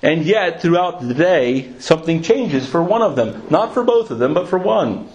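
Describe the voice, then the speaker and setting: Earnest male preacher, higher voice. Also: big pitch swings, darkish tone, dull audio. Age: adult with a young son. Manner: earnest, emphatic, slows down for stress, quotes scripture. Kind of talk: sermon.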